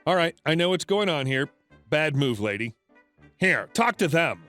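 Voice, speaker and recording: A woman's voice: deep voice, big pitch swings, normal speed, fairly bright tone, soft background music. A man voicing a rude, condescending woman customer in a plain, curt reading. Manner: curt, dismissive.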